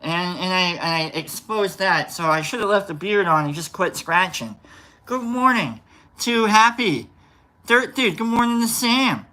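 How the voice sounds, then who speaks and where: A man's voice: high-pitched, lively intonation, unhurried, pushed and bright. A man hosting a casual morning livestream, greeting viewers one by one by name and rambling loosely. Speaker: livestream host.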